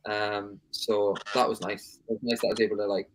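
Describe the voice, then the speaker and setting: A man talking casually as a podcast guest, relaxed and self-deprecating. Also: lowish voice, fairly quick, a little hiss or hum, rough recording. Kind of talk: casual chat.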